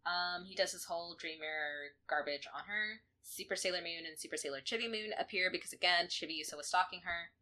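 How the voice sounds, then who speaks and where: A woman co-hosting a podcast, recapping episodes in casual chat, animated and quick to laugh. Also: fairly low pitch. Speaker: podcast co-host.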